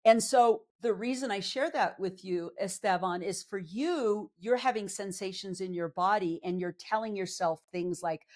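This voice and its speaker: A woman's voice: medium pitch, moderate pace, few pauses. A woman psychologist and life coach speaking in a conversational interview, earnest and candid, with a reassuring way of explaining things. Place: on camera.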